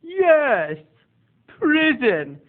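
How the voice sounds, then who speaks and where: A man putting on the voice of a spaced-out, morbid older woman, slow and eerie, recorded with tinny lo-fi sound. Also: extremely high pitch, pitched above the performer's own voice, exaggerated voice. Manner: slow, flat, spooky delivery.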